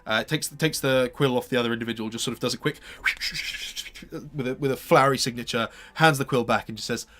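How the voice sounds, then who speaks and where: A man narrating a tabletop game as game master, halting and full of fillers. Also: mid-range voice, background noise. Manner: hesitant, many fillers and restarts.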